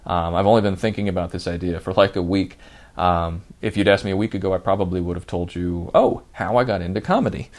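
A married man hosting his own comedy podcast, ranting with growing indignation and then settling into relaxed storytelling. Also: fast. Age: adult, married. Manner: indignant ranting, rising loud and high when worked up. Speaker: podcast host and stand-up comic. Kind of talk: solo comedy podcast rant.

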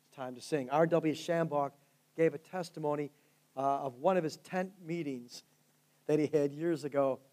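A man's voice: a little high, normal speed, dark tone. A male pastor preaching a sermon, telling stories with fervent rises and drops in volume. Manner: fervent storytelling preacher, rising and falling in volume.

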